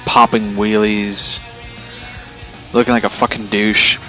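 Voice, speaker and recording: A man's voice: lowish voice, flat delivery, takes it slowly, pushed and bright, faint music behind. A man hosting his show from home, telling a story as a profane, aggravated rant. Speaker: show host. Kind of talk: ranting storytelling.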